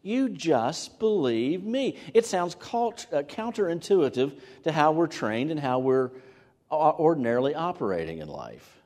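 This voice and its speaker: A man preaching a sermon as a pastor, animated, acting out quoted voices with sudden jumps in pitch. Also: unhurried. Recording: long reverb of a large hall.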